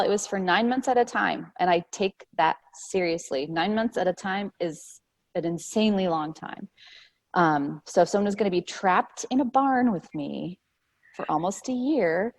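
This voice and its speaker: An earnest woman talks on a video call, heartfelt and loose with her words. Her voice sits at a middling pitch for a woman. She strings thoughts together with plenty of casual fillers. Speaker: casting director and show host. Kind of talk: casual panel chat.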